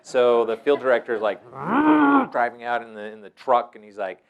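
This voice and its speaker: A middle-aged man telling stories as a teacher, animated and breaking into loud, shouted impressions. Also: mid-range voice, fast, highs cut off. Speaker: wilderness mentor and teacher. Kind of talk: storytelling talk.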